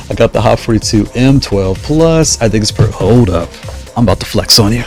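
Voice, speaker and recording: A man with a somewhat low voice hosts a casual livestream, talking in a loose, rambling way. He gets enthusiastic and keeps wandering off into side stories before pulling himself back. Faint music plays quietly behind him. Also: fast talker. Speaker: livestream host.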